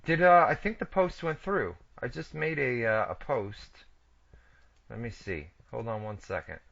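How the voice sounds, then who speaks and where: A man's voice: medium pitch, measured pace, vocal fry, a bit bright. A man hosting a wrestling radio show in loose, joking chat, with lo-fi internet radio sound. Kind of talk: casual chat.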